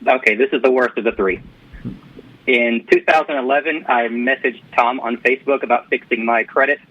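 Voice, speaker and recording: A man's voice: medium pitch, brisk, fairly bright tone. A man calling in to a talk radio show, speaking matter-of-factly over a phone line. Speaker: caller.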